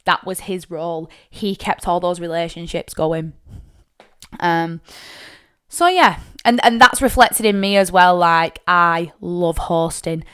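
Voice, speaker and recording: Young lancashire woman on her podcast, candid and sweary, clear smooth voice, a bit low. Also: measured pace. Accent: Northern English, Lancashire. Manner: chatty and candid, swears freely, animated when acting out family. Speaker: podcast host. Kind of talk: personal storytelling monologue.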